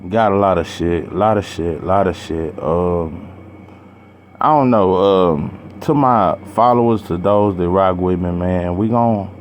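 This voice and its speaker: Talking to his audience in a personal vlog, this boxing channel creator has a very deep voice and a slow, weighty, faltering delivery punctuated by sighs and slang. Faint hiss runs beneath the recording.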